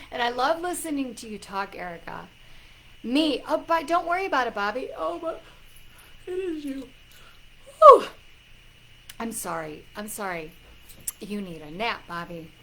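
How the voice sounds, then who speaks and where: A woman hosting a casual livestream as a psychic coach, warmly greeting viewers by name with loud excited bursts. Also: a little high, low-quality recording.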